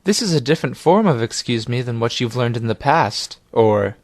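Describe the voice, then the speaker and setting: A man guiding a language lesson in a calm, scripted instructional manner. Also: medium pitch, moderate pace, no room sound, studio quality. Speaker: language teacher.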